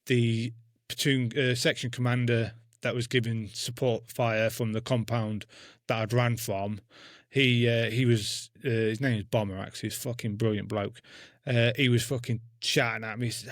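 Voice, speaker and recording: A man, an army veteran being interviewed, telling a war story bluntly with constant swearing and dark humour. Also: mid-range voice, little pitch movement, normal speed, dry recording, clean studio sound. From England.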